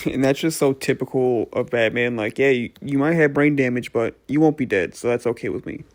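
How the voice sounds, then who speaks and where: A man talks through a new comic for his viewers in an easygoing, chatty way. His pitch sits in the middle of the range, and he drops a casual curse now and then. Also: brisk. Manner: relaxed, chatty, swears casually. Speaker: comic book reviewer. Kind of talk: casual comic recap vlog.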